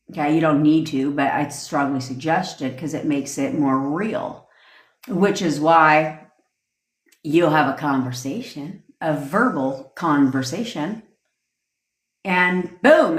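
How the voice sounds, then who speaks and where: A woman with a somewhat low voice rants bluntly at her livestream audience, swearing freely as she lectures. The sound is roomy, with noticeable echo around her. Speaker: manifestation coach. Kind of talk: livestream rant.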